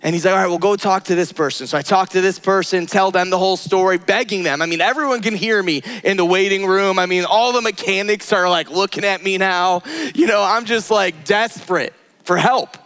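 A man's voice: fairly quick, a bit bright, clear, resonant tone. A man preaching a sermon as a personal story, earnest and conversational, acting out his own cries and the lines of people he met. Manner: acts out his own cries and quoted lines with rising pitch. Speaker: pastor.

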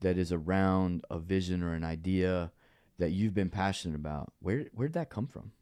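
Deep, dark-voiced male interviewer. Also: dry recording. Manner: halting, restarts questions with "um" and "like". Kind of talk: conversational interview questions.

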